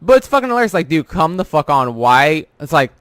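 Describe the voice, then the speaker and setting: Young male vlogger with a slightly high voice and a dry, close sound; rambling, profane storyteller. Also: big pitch swings, a little fast, a bit bright, no room sound. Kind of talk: casual rant about work.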